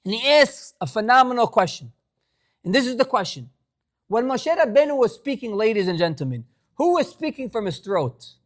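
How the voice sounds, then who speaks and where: Rabbi, male, fervent Torah class, shifts from soft pleading to forceful exhortation. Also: very high voice, big pitch swings, normal speed. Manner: impassioned, pleading, rising to exhortation; mixes Hebrew phrases into English.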